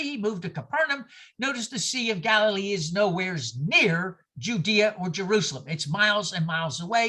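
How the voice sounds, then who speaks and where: A man's voice: high-pitched, bright, forceful tone. A man teaching a class, pointing at a map and lecturing with emphatic rhetorical asides and repetition. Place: classroom or church hall.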